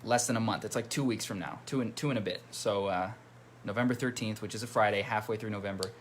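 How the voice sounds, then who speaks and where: A man's voice: on the low side, quick pace, slight background noise. A man hosting a casual livestream as a musician, chatting and reading out viewer comments. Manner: chatty, reads viewer comments aloud and greets them. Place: at home by his computer.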